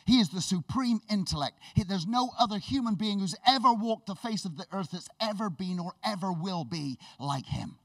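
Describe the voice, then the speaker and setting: A man preaching a sermon with enthusiastic, animated storytelling, laughing and restarting as he goes. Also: high voice, normal speed, hardly any pauses, dry recording, recorded from a distance.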